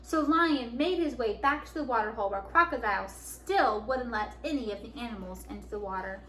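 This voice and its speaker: A woman librarian reading a picture book aloud to children, expressive and animated. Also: fairly high pitch, fairly quick, few pauses. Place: library program room. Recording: echoey room, faint background noise.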